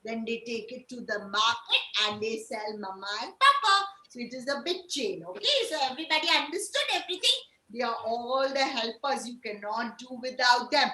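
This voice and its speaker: A woman teaching small children with puppets, animated and exclamatory, often checking in with "okay?". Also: fairly high pitch, normal speed, echoey room, poor audio. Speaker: kindergarten teacher.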